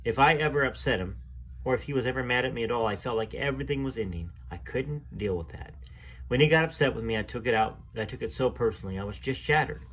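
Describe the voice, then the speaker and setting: A man reading a memoir aloud in an earnest, emotional way, pausing now and then to add his own comments. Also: medium pitch, fairly bright tone, slightly rough. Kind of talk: reading aloud with spoken asides.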